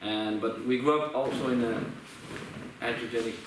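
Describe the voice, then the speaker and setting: A young man with an Israeli accent, a musician talking in a reflective, halting way with many restarts. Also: mid-range voice, fairly even intonation. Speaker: musician sharing his story. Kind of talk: casual conversation. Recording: echoey room, from far off, faint noise.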